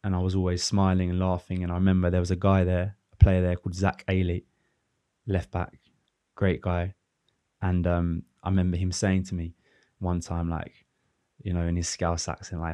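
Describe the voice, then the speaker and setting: A man in his thirties, a former footballer, talking through his career in a relaxed, reflective podcast chat with many restarts. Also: low voice, normal speed, smooth, dry recording. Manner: reflective, rambling with restarts and fillers. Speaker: former professional footballer, guest. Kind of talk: casual podcast conversation.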